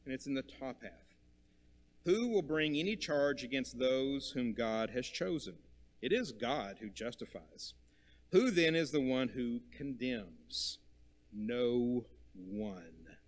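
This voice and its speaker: Emphatic male preacher, loud then hushed. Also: lively intonation, takes it slowly. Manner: emphatic, repeats key words, swings between loud stress and quiet low lines. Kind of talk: sermon.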